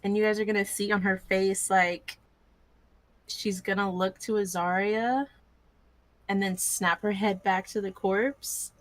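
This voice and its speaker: A woman's voice: medium pitch, steady tone, measured pace, dry recording, low-quality recording. A woman in a tabletop game describes her character's actions step by step. Her delivery is casual and conversational, with a mid-range voice. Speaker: player. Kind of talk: tabletop role-play narration.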